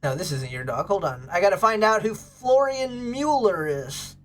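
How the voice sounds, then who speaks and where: Woman livestream host, casual and bubbly, with a very lively pitch. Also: moderate pace. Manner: bubbly, gushes over pets and thanks chat.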